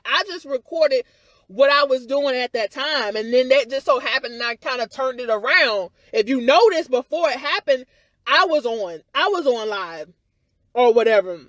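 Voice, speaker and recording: A woman's voice: sits high, a bit bright, no echo, studio quality. A woman giving her side of a viral incident in a candid, rambling livestream-style rant, with lots of "you know" and "or whatever" and some swearing. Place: outdoors outside her house.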